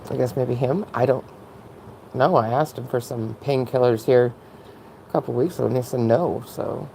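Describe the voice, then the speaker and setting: A woman's voice: rumbling low, moderate pace, creaky, mellow, slight background noise, poor audio. A woman talking candidly in a casual, rambling personal monologue, often breaking into laughs. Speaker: vlogger.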